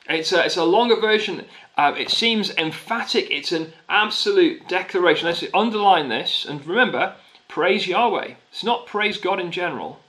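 A man preaches a sermon in a high, pushed, bright voice, captured on a rough recording. He is conversational yet emphatic, repeating key phrases, often restarting sentences, and leaning on fillers.

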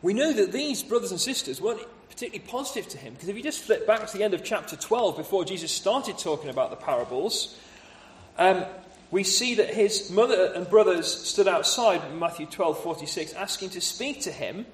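A man's voice: sits high, expressive, brisk, slight background noise. Man preaching a sermon, asking rhetorical questions, echoey room, faint background ambience. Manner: expository, rhetorical questions, acts out voices of townspeople.

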